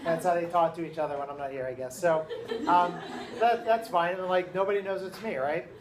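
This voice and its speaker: A man in his thirties, a teacher telling a lively story to his class, often checking in with his listeners. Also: high voice, brisk, background noise. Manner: animated, keeps checking in with listeners.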